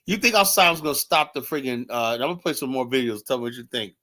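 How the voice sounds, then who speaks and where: A man's voice: mid-range voice, very fast. A man hosting an online talk show, ranting in casual commentary and acting out the lines he quotes in his stories. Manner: animated storytelling, acts out quoted lines. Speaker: podcast host.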